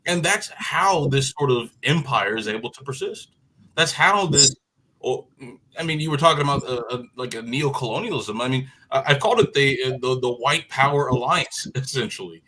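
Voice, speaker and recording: Male radio guest, bright tense tone, mid pitch, earnest and argumentative. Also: moderate pace, slight background noise, low-quality recording. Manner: earnest, argumentative, with frequent fillers and restarts. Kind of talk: political commentary in conversation.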